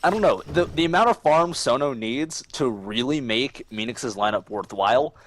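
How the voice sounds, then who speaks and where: A man's voice: medium pitch, animated, normal speed. A man doing color commentary on an esports match, explaining strategy in long, reasoned runs.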